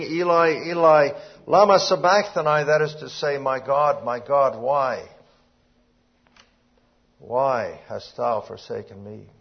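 Husky preaching man, lo-fi recording. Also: mid-range voice. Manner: preaching with rising emphasis, quoting scripture; clears throat often. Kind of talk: sermon.

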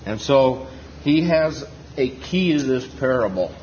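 A man's voice: medium pitch, expressive, measured pace, a little mellow, a little hiss or hum. A man explaining a Bible parable earnestly, with many fillers, in a dull lo-fi meeting recording. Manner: earnest, with frequent fillers and restarts. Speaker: preacher at a Bible reading. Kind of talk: Bible exposition.

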